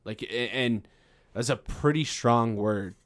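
A comedian chatting casually on a podcast reasons aloud slowly in a mid-range male voice. His thoughtful, rambling sentences keep starting over, with phrases such as "I was about to say."

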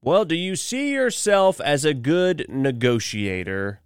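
A man's voice: on the high side, big pitch swings, slow pace, clear, resonant tone, no echo, clean studio sound, faint music behind. A man hosting a morning radio show, chatting wryly through news items with offhand asides. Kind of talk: solo talk radio monologue.

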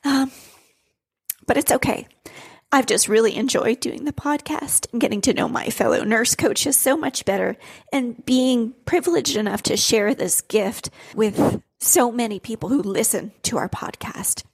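A middle-aged woman with a husky, breathy voice reflects openly on her life as a nurse. She is teary but keeps going, laughing softly between thoughts. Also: fairly high pitch, normal speed. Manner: heartfelt, reflective, laughs often. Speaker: podcast co-host, nurse coach. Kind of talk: personal storytelling on a podcast.

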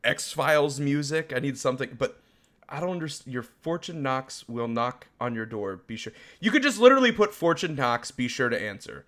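A man co-hosting a casual podcast, ranting in an exasperated, animated way and laughing at himself. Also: mid-range voice, moderate pace. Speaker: podcast co-host.

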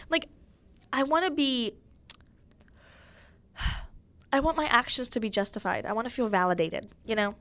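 A woman's voice: mid-range voice, sing-song, brisk, pauses often, fairly bright tone. A young woman hosting a podcast, talking candidly and emotionally in a casual chat full of fillers. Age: young adult. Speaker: podcast host.

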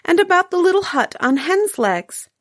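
A woman's voice: very high voice, big pitch swings, moderate pace, dry recording, studio quality, voice pushed up. A woman voicing an eager little boy who keeps begging his grandfather for stories. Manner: pleading, eager questions.

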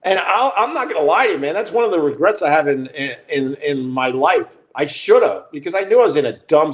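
A middle-aged man with a somewhat high voice tells a story as a podcast host. He talks loosely and profanely, restarting his sentences and chuckling as he goes. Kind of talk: casual storytelling.

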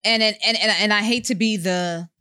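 A woman co-hosting a podcast in casual chat, backing up others with quick affirmations and slow, emphatic asides. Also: medium pitch, fairly even intonation, pushed and bright, clean tone. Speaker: podcast co-host.

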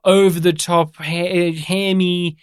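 A podcast co-host chatting casually about films, animated and jokey, with a habit of slipping into mock impressions. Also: medium pitch, slow pace, clear, resonant tone, no echo, clean studio sound. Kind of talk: casual chat.

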